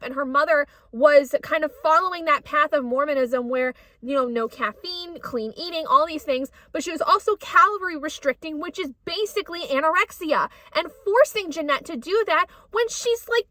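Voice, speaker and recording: A woman's voice: sits high, bright, forceful tone, dry recording. A woman book vlogger chatting casually while out running errands, ranting heatedly and swearing often. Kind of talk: casual vlog chat.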